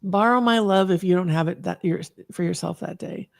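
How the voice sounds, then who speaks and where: A woman's voice: fairly low pitch, brisk, creaky, no room sound, clean studio sound. A woman appearing as a guest on a video-call show, speaking in an encouraging, emphatic way. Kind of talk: casual heartfelt talk-show chat.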